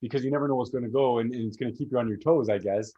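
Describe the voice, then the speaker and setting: A man's voice: mid-range voice, racing, dull audio. A man co-hosting a podcast, casual upbeat chat that rambles and corrects itself midway. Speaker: podcast co-host.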